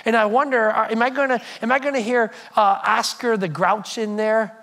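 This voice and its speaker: A man's voice: sits high, moderate pace. A man preaching a sermon as pastor, telling stories and speaking directly to his congregation. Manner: storytelling, animated, addresses congregation directly.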